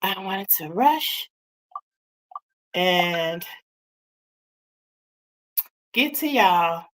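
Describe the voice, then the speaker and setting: Woman live-stream host, slightly out of breath, bouncy pitch, unhurried chatty delivery. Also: expressive, a bit bright, poor audio. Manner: chatty, reads and answers viewer comments. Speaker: livestream host chatting with viewers. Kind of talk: casual live chat.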